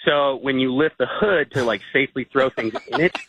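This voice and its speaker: A man's voice: medium pitch, moderate pace, a bit bright, husky. A man calling in to a radio show and telling a rambling, hesitant story over the phone. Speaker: caller. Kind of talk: call-in anecdote. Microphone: phone line. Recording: tinny phone line.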